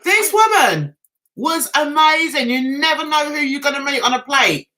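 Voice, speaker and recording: Lively English woman telling a story. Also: high-pitched, normal speed. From England. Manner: chatty, animated, laughing at herself. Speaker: YouTuber. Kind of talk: casual storytelling on a livestream.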